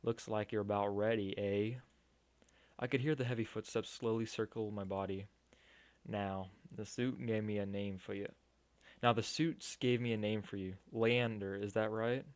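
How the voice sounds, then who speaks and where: A man voicing a gruff, burly male captor on a mountain, speaking in a slow, low, menacing drawl. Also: flat delivery, close to an everyday voice.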